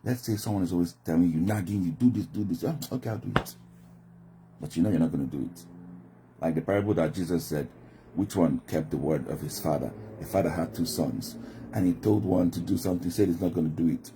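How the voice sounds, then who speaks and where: Speaking at a quick pace in a low-pitched voice, a man from Nigeria reflects on communication styles in a monologue, often performing quoted voices. Background noise is audible.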